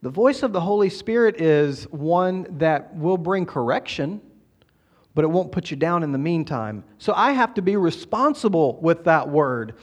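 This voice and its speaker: Middle-aged pastor guy preaching in church, kinda high voice, chatty, keeps checking in with the room. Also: expressive. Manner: conversational preaching with quick asides to the congregation. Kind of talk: sermon. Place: church sanctuary.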